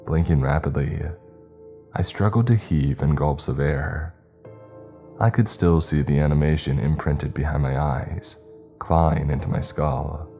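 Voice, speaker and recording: A man reading a first-person horror story in a slow, measured, brooding way. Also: rumbling low, dark tone.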